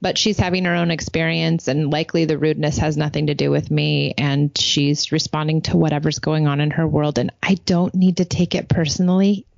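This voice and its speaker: A woman in her thirties or forties, a podcast co-host, telling stories in an animated way and laughing often. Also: low-pitched, fairly quick, gravelly, hardly any pauses, no room sound, muffled recording. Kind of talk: casual podcast chat.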